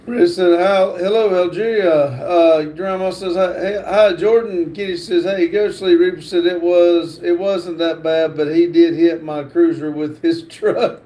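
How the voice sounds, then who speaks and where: A man hosting a livestream, reading chat comments aloud in a halting way with fillers and restarts. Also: high voice, steady tone, dark tone. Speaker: livestream host.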